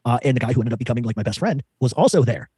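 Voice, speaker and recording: A man's voice: medium pitch, expressive, rapid-fire, warm tone, husky, no echo. A man telling a story in an interview, rambling with many restarts. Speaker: podcast guest.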